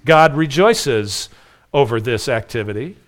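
A man's voice: mid-range voice, animated, measured pace. A man preaching a sermon, emphatic and full of rhetorical questions, often repeating his phrases. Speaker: pastor.

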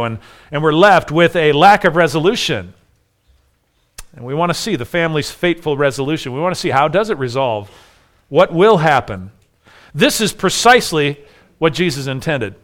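Man, pastor, sermon, emphatic, repeats himself, somewhat higher voice. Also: expressive, normal speed, long pauses, fairly bright tone. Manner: emphatic, rhetorical questions, repeats phrases.

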